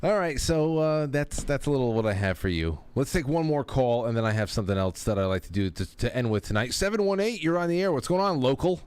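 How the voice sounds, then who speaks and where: Lively, joking male talk show host. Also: mid-range voice, fast, few pauses, smooth.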